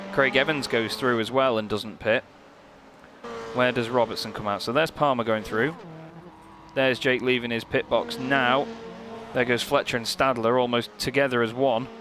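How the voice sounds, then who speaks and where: A young man commentating on a sim race, lively and joking, growing excited at close moments. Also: mid-range voice. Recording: commentary over loud race car noise.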